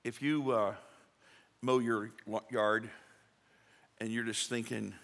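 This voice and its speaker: A man's voice: medium pitch, steady tone, slow pace, gravelly, pauses often, a bit bright. A male pastor preaching a sermon in a folksy, conversational way, acting out little quotes. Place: church sanctuary. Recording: reverberant church sanctuary.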